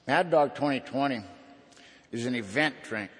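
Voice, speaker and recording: A man's voice: medium pitch, normal speed, breathy edge, in a large hall. A man giving an earnest personal testimony at a recovery meeting, in a folksy storytelling manner.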